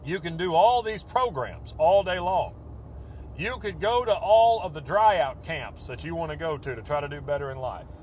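A man preaching a sermon with fervent, repetitive phrasing that swells and then drops to a hush. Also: fairly high pitch, animated, normal speed, slight background noise.

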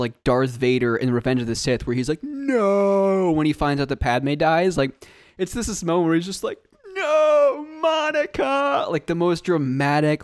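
A man's voice: medium pitch, dry recording, studio quality. A young man casually chatting about a movie, enthusiastic and joking, mimicking the characters' lines. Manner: enthusiastic, joking, with mock quotes. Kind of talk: casual movie recap chat.

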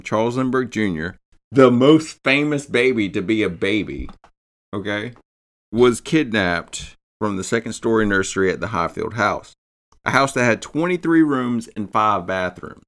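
A man's voice: on the low side, a bit bright. A man hosting a podcast, telling a true-crime story in a casual, profane way. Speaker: podcast host.

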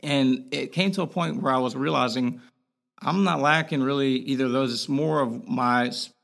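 A man's voice: medium pitch, normal speed, vocal fry, fairly bright tone. A young man speaking frankly as a podcast guest, in a casual conversational way with lots of fillers. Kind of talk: candid conversational interview.

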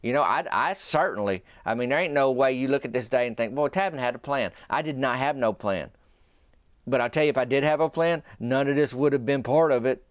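Speaking a little fast at a medium pitch, a male podcast host spins a folksy, rambling tale in a relaxed manner and now and then lowers his voice to a whisper. The sound is dry and studio quality.

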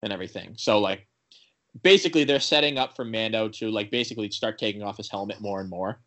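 A man's voice: lowish voice, quick pace. Rambling young man retelling a show. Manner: rambling, full of "like" fillers and restarts; animated retelling with quoted character lines. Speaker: podcast co-host recapping a TV episode. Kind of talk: casual chat.

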